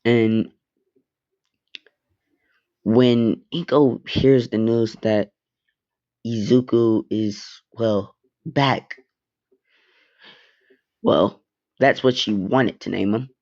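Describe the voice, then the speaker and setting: A man's voice: medium pitch, fairly even intonation, very slow, long pauses, a little mellow, lo-fi sound. A young man casually narrating a fan story, with offhand, rambling asides and swearing.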